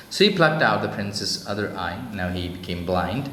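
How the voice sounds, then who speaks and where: A man's voice: on the low side, lively intonation, moderate pace, hardly any pauses, fairly bright tone. A male teacher with an Indian English accent explaining a story to students, loosely paraphrasing with many fillers. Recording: echoey room with long reverb, faint noise.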